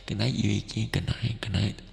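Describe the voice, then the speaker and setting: Deep gravelly man, soft ASMR whisper. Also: long reverb tail. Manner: gentle, affectionate, laughs often, slips between whisper and soft voice. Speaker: ASMR streamer. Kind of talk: ASMR stream wrap-up, soft whispered affirmations.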